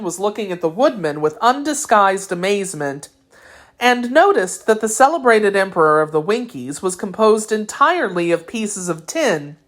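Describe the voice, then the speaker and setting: A woman narrating a classic children's storybook with clear, expressive reading. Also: medium pitch. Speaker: audiobook narrator.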